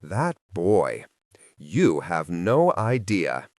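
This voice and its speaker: Samarin, a gentle, soft-spoken man of magic, voice low and smooth with a wide, lively lilt, courteous even when worn thin by patience, as a male narrator puts him on. Dry, close sound. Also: moderate pace, no echo, exaggerated voice. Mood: exasperated.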